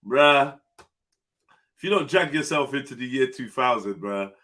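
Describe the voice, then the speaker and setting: A man hosting a live panel stream, talking in an animated, incredulous, joking way full of slang. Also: mid-range voice, moderate pace. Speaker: live panel show host. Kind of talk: casual live-stream chat.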